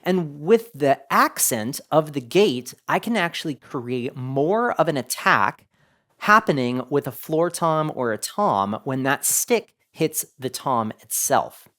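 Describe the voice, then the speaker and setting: A man hosting a casual audio-gear tutorial, explaining settings step by step in a relaxed, chatty way. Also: fairly high pitch, takes it slowly. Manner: lively, relaxed explaining with many "go ahead" phrases.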